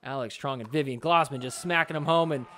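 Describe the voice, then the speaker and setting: A man's voice: medium pitch, brisk, a little hiss or hum. A man hosting a sports podcast, talking casually over match footage and acting out the players' reactions. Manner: chatty, animated, playing out players' reactions. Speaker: podcast host. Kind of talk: casual video commentary.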